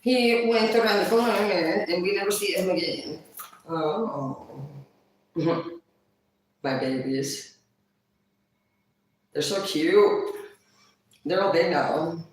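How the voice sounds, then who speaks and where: A woman chatting casually on a livestream, blunt and profane, quick to laugh. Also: on the low side, recorded from a distance, slight background noise. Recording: very echoey room, voice off-mic.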